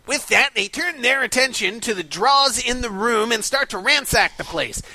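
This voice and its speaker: A man's voice: very high-pitched, expressive, moderate pace, pushed and bright, a little hiss or hum. A man on a comedy podcast giving a mock-serious reading of amateur fiction, now and then breaking into laughter. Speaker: podcast co-host reading aloud.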